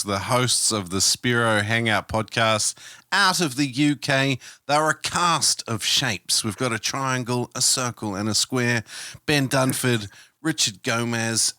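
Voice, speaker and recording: A man putting on a slow, pompous British broadcast announcer voice to introduce his guests. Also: on the low side, pushed and bright, smooth, no echo, clean studio sound.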